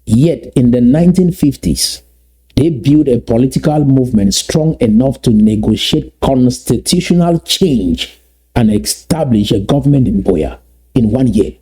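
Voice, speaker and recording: A man from Southern Cameroons, giving an emphatic motivational address that repeats and slowly stresses key phrases. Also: medium pitch, dark tone, husky. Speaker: activist speaker.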